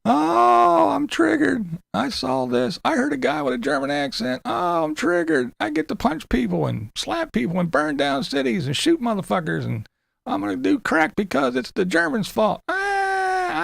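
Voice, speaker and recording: A man voicing a whiny, self-pitying man in a mocking, wailing caricature that rises into shouts. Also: very high-pitched, sing-song, moderate pace, gravelly, no echo, pitched above the performer's own voice, full character voice. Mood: mocking whine.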